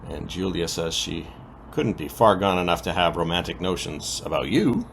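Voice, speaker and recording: A man co-hosting a podcast, recapping soap opera episodes in a casual, animated way with frequent ums. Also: low-pitched, normal speed, gravelly, slight background noise. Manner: lively, animated retelling with many ums.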